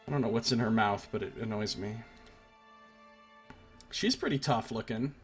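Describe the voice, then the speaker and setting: A man's voice: fairly low pitch, normal speed, soft background music. A young man hosting a game stream, musing aloud in casual, half-mumbled commentary. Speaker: let's play host.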